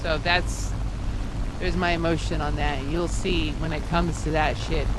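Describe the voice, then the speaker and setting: A woman's voice: fairly low pitch, background noise. A woman gaming streamer ranting in casual talk, angry and profane with many restarts.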